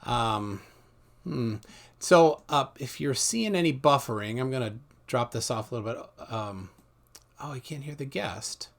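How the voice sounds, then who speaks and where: A man's voice: mid-range voice, expressive, gravelly. Chatty man hosting a livestream. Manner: halting, many fillers, chatty. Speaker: livestream host. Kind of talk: casual livestream chat.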